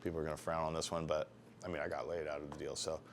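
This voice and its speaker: A man with a very deep voice tells loose, rambling stories from his years tattooing, swearing constantly in a relaxed, offhand way. He livens up when he acts out what people said, then settles back into a low, easygoing delivery. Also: racing, slight background noise. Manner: heavily profane, rambling anecdotes; animated when acting out dialogue. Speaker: tattoo artist interviewee. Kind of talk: casual storytelling interview.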